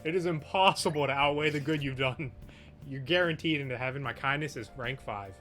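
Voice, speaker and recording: Bright, teasing young man co-host. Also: mid-range voice, fairly quick, faint music behind. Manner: teasing, laughing. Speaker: co-host playing a game. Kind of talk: casual gaming chat.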